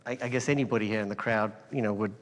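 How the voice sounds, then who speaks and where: A man's voice: lowish voice, racing. English-raised man telling stories in a hall. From England. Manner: relaxed storytelling, laughs often, many fillers. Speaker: guest entrepreneur. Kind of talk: conversational interview. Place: hall before a live crowd.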